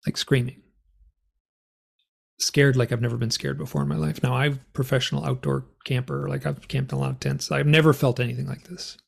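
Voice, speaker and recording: A middle-aged man, a guest author, telling a personal story in an interview in a rambling, animated way with many fillers. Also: mid-range voice, fairly quick, creaky, slightly rough.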